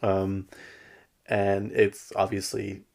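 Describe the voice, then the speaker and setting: Low gravelly guy doing a chatty gossip recap podcast, lots of laughing. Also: completely flat delivery, extremely slow, a little mellow. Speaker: podcast host. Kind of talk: casual reality-show recap chat.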